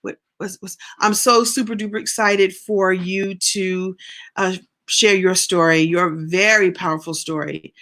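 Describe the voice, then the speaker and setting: A woman's voice: fairly low pitch, steady tone, a little slow, a bit bright. A middle-aged woman coaching in a casual live stream, chatty and encouraging as she answers viewer comments. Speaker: business and writing coach.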